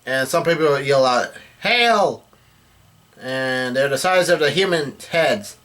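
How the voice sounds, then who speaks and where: A man's voice: mid-range voice, fairly bright tone. A man giving a casual read-through of a comic chapter, relaying the characters' lines in a plain voice and often correcting himself as he goes. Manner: halting, self-correcting delivery. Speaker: manga chapter recapper.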